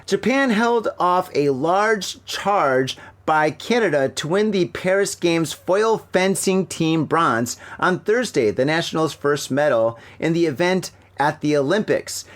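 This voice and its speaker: A middle-aged American man hosting a casual news chat from home, rambling and joking as he reads stories haltingly. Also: on the high side, lively intonation. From United States. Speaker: podcast host. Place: home room with a fan running. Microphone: laptop mic.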